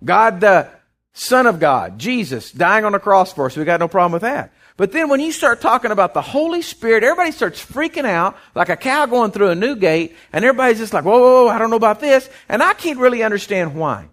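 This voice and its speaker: A man's voice: high voice, sing-song, fairly quick, a bit bright. A man preaching a folksy sermon, often repeating words as he goes. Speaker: pastor.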